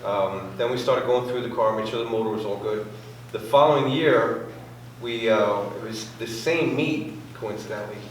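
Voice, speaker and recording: A man's voice: lowish voice, normal speed. A man telling a casual racing anecdote to a club meeting, acting out quotes and sound effects as he goes. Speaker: club member sharing a racing story. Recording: very echoey room, voice far from mic, faint noise.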